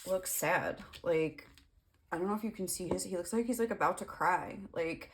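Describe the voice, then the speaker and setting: A woman's voice: on the low side, moderate pace, slight background noise. A young woman giving a casual tarot reading, rambling with lots of fillers and the odd swear word. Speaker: tarot reader.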